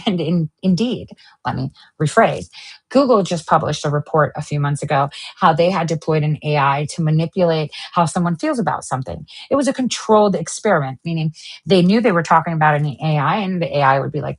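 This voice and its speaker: A woman hosting an online news stream, ranting angrily and with lots of profanity, swinging between sharp outbursts and low mutters. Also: lively intonation, a little fast, husky. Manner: profane, heated, jumps between shouting and muttering. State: extremely angry. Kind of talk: angry livestream rant.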